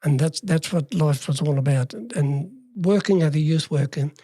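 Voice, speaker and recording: A man's voice: on the high side, moderate pace, dark tone, breathy edge, dry recording, clean studio sound. An older man from regional Western Australia with an Australian accent, a guest telling long stories from his years as a youth worker and acting out the old conversations. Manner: long story told in plain words, acting out past dialogue. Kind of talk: personal storytelling in a conversation.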